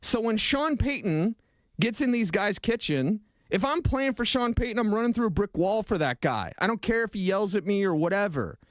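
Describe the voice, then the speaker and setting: A man co-hosting a sports radio show in a studio, talking fast, emotional and opinionated in casual banter. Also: high voice, expressive, no room sound. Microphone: studio microphone.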